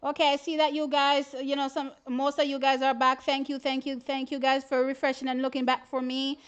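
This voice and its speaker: High-voiced woman hosting a livestream. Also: a little fast, dull audio. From Jamaica. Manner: animated, exclamatory, often says "child". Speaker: livestream host. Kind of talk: casual live-stream sports commentary.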